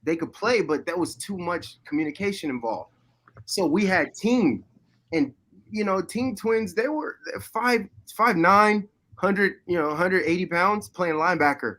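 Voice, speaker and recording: Male guest storyteller, raised pitch, animated retelling, chat podcast. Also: a little slow. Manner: animated storyteller, shouting replays. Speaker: former player guest.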